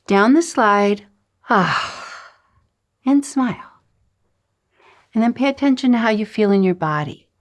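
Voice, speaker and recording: A woman gives a spoken lesson on intuition in a voice that sits mid-range for her. She coaches at an unhurried pace, drawing out words, pausing often and letting out soft sighs. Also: medium pitch. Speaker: intuition teacher.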